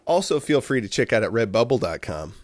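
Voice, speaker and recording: A man's voice: medium pitch, sing-song, a little fast. Chatty man hosting a home livestream. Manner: rambling with fillers, coos at his dogs. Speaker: livestream host. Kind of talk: casual morning livestream chat.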